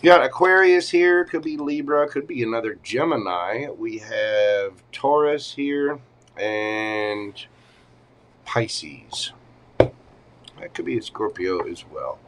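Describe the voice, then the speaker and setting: A man hosting a live tarot stream, talking casually and warmly with his viewers. His voice climbs high and drops low as he moves between greetings and card readings. He uses pet names and sounds loose and playful. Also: slow, noisy background. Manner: animated, swings up and down in pitch and loudness. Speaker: tarot reader hosting a livestream.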